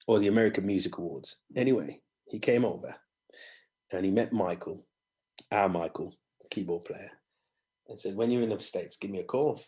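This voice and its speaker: Low-voiced man telling stories. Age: 50s. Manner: animated anecdotes, acting out others' voices. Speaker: guest musician. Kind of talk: storytelling in a podcast interview.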